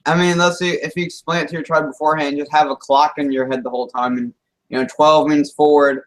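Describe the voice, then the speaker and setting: A man's voice: on the high side, flat delivery, fast talker, poor audio. A man co-hosting a casual TV recap chat, jokey and teasing, laughing often. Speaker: podcast co-host.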